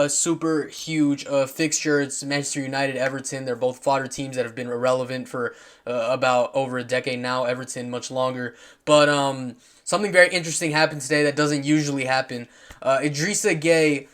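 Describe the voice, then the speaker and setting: Male vlogger, slightly high voice, loose and profane, rambling football commentary full of fillers and restarts. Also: a bit bright. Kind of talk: casual football commentary over clips.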